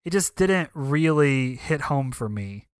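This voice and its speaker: A man's voice: medium pitch, expressive, takes it slowly, clear, resonant tone, no room sound, studio quality. A man co-hosting a podcast, talking casually about films with frequent "um" fillers. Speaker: podcast co-host. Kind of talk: casual film discussion.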